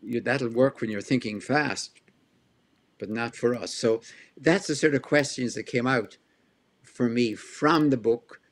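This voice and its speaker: A male historian answers an interview question in a lively, explanatory way. He stacks rhetorical questions and chuckles between points. His voice sits at an ordinary middle pitch. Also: a little slow. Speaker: historian guest.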